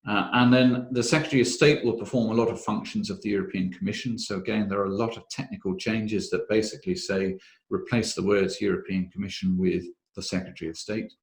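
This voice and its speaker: A man speaks in a fairly low voice, explaining rules patiently and methodically. He pauses often with "uh" fillers. The sound carries a noticeable room echo. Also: fairly even intonation. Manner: measured, methodical, frequent "uh" fillers. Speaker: webinar presenter on health and safety law. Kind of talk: explanatory webinar talk.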